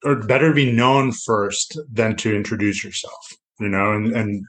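A middle-aged man from South Florida speaks in a low, easygoing register. He rambles reflectively as a podcast guest, often restarting and circling back to a point. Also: fairly even intonation, measured pace, a bit bright. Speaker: podcast guest, loan officer. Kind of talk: casual interview talk.

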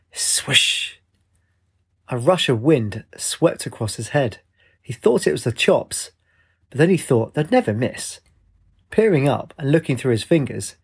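A man narrating a fantasy story with a measured, expressive reading. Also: medium pitch, breathy edge.

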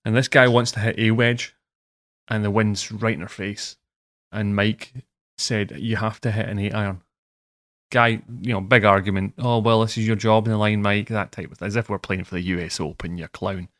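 Lowish guy hosting a podcast, teasing, dry mic sound. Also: steady tone, moderate pace, fairly bright tone, dry recording. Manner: wry, teasing interjections. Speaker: podcast host. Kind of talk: casual banter.

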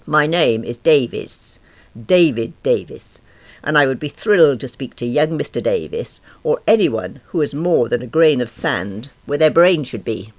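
A woman's voice: a bass voice, very animated, fairly quick, full character voice. A woman doing a testy male phone caller. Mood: exasperated.

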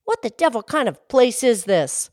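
A woman voicing a boastful swindling man who blusters loudly and indignantly. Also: mid-range voice, lively intonation, slow pace, no room sound, clean studio sound.

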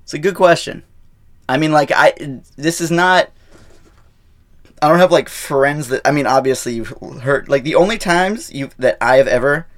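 A man hosting his podcast alone in casual, rambling talk full of fillers and deadpan irony, recorded in a small booth at an airport. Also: on the high side, normal speed. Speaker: podcast host. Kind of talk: casual solo podcast monologue.

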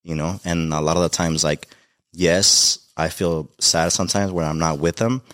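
A man's voice: deep voice, fairly even intonation, normal speed, fairly bright tone, no echo. A young man from Mexico, a podcast guest, talking in a heartfelt, rambling way with many fillers about being a dad. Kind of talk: emotional casual conversation.

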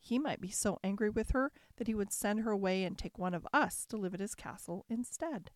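A woman's voice: mid-range voice, fairly quick, no room sound, studio quality, close to an everyday voice. A woman voicing two envious, scheming sisters in a storybook reading. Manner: resentful, conspiring.

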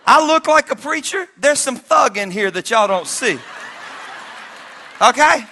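High, bright-voiced preacher man, animated. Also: measured pace, creaky, pauses often. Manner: animated storytelling, swinging between shouts and hushed asides; jokey and conversational with the congregation. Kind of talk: sermon with personal stories.

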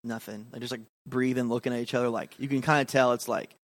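Animated man telling a camp story. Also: mid-range voice, quick pace, no room sound. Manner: animated, acts out quotes, laughs often. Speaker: podcast co-host, youth pastor. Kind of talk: casual storytelling chat.

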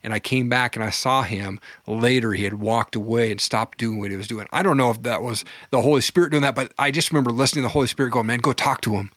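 A man's voice: medium pitch, fairly even intonation, quick pace, hardly any pauses, a bit bright, dry recording. A man in his forties, a podcast guest, casually and reflectively telling a faith story. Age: 40s.

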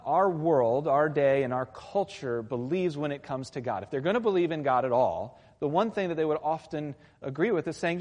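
A man's voice: on the high side, darkish tone. Guy preaching a sunday sermon, chatty, keeps asking "right?", voice echoing through a big church hall. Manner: conversational, with frequent tag questions. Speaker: pastor.

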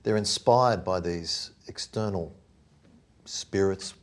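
A man's voice: deep voice, slow. A man in a thoughtful academic discussion, searching for his words and correcting himself as he raises questions. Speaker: podcast discussant.

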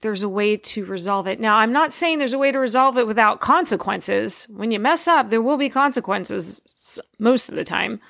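Earnest and conversational, a middle-aged woman who is a Christian speaker and parent talks informally about faith, her pace easing on the points she wants to stress. Her voice sits on the high side with a creaky, gravelly texture, and the recording is close and dry with no sense of a room.

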